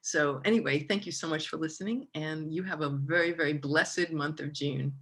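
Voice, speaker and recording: A woman's voice: low-pitched, moderate pace, fairly bright tone. A middle-aged woman hosting a casual astrology talk, chatty and rambling, with many fillers and restarts, at times close to tears. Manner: emotional, near tears when speaking of her mother. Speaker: astrologer host.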